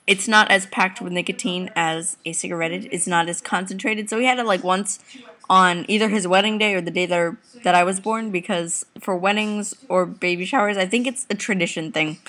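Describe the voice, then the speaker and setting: A woman's voice: lowish voice, steady tone, moderate pace, bright, forceful tone. A teenage girl chatting casually to her webcam while lying on a couch at home, rambling and giggling. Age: teens. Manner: rambling, giggly, talks to viewers and family off camera. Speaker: vlogger. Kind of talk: casual chatty video reply.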